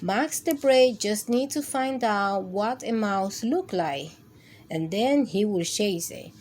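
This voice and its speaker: Slow, gentle storytime reader woman. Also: mid-range voice, a little hiss or hum. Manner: slow, gently expressive reading. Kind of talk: read-aloud storytime for kids.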